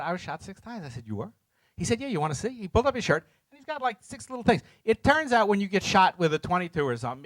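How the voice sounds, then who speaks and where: A man's voice: high-pitched, no echo. A middle-aged man speaking to a live audience, telling a story with jokes at his own expense and acting out the voices and sounds in it. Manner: animated, acts out voices and sounds in his stories; self-mocking, jokes with the audience.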